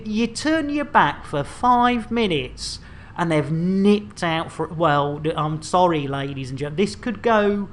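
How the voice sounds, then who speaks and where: A woman hosting a live game stream, bantering with viewers in a chatty, jokey way. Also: fairly low pitch. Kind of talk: live gameplay commentary.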